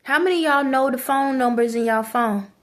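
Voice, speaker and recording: High-voiced woman ranting and scolding. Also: fairly quick. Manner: preachy, scolding, repeats phrases for emphasis. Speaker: vlogger. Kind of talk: ranting monologue to camera.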